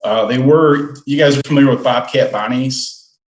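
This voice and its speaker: A middle-aged man, a fire chief, giving an unhurried, earnest safety report at a city meeting. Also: mid-range voice. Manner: plain-spoken, earnest, unhurried. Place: council meeting room. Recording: echoey meeting room.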